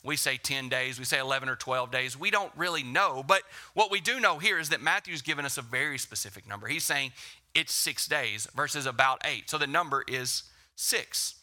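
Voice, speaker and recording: Bright-voiced pastor, casual storytelling sermon. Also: male voice, mid-range voice, moderate pace. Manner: conversational, animated storytelling with acted quotes and hushed whispers. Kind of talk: sermon with personal stories.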